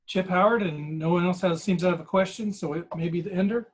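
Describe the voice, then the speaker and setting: A man moderating a press conference, calling on reporters in a brisk, matter-of-fact way. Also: high voice, slight background noise, low-quality recording. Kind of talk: brief announcements.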